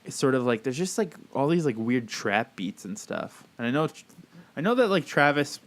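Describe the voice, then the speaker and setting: A man's voice: medium pitch, very animated, normal speed. A man co-hosting a casual podcast chat, rambling with lots of fillers and reading aloud in a wry tone. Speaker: podcast co-host.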